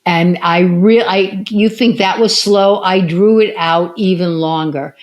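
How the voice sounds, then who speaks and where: A woman's voice: lowish voice, a little slow. An older woman, a retired physical therapist, telling stories in a casual interview and acting out the voices of people she quotes. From United States. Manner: animated storyteller who acts out quotes.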